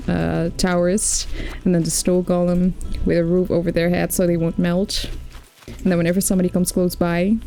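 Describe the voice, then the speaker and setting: A woman streamer chatting casually while gaming, telling stories with sudden excited outbursts. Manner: animated storytelling with sudden high excited outbursts.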